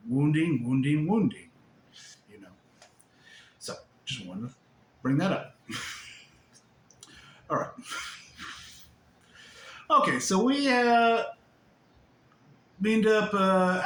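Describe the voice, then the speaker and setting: A man giving a playful spiritual talk, laughing often and swinging between loud and hushed. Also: a little high. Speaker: spiritual teacher. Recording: echoey room, faint background hiss.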